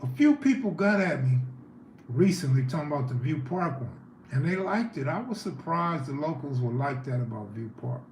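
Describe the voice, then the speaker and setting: A man's voice: a little high, animated, moderate pace, a little mellow. Laid-back man chatting on a livestream. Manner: loose and conversational, reacting to chat. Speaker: livestream host. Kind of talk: casual livestream chat. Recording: echoey room with faint background noise.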